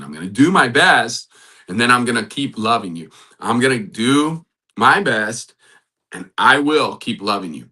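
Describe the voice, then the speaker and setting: A man hosting a faith-based talk, urging love and repeating affirmations in a soft, earnest way. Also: mid-range voice, sing-song, measured pace, slightly rough. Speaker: host and matchmaker.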